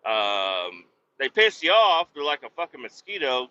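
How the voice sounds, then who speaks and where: A man with a bright, forceful voice that swings widely up and down, rambling and swearing as he drives his truck. The sound is a little dull and lo-fi, caught inside the cab of a rig on the highway. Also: sing-song, measured pace, a little hiss or hum. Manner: profane, rambling, loud outbursts. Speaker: podcast host. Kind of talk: rambling monologue while driving a truck.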